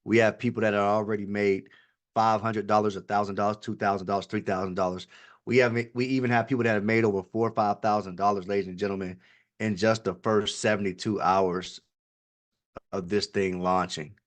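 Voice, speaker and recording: A man presenting a live online webinar, pitching an opportunity in fast, hype-driven salesman patter, often calling out to the audience. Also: level tone. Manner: repeats "ladies and gentlemen" and "all right".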